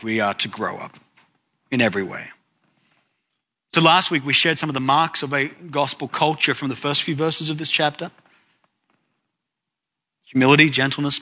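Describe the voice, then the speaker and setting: A man's voice: mid-range voice, bright, forceful tone. A man preaching a sermon, telling a story with dramatic rises and sudden drops in his voice. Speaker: pastor.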